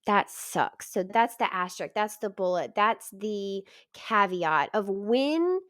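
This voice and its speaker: A woman's voice: mid-range voice, animated, takes it slowly, a bit bright, no echo, studio quality. Frank, emphatic woman podcast guest. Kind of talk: podcast conversation.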